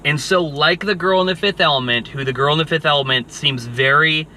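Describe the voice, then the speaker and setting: A man with a fairly high, sharp-toned voice mocks a movie in loose, rambling podcast talk. He is recorded inside a car, with a faint hum of the vehicle behind him. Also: fairly quick, low-quality recording. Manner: rambling, restarts, wry and mocking. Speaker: podcast co-host. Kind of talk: casual movie review chat.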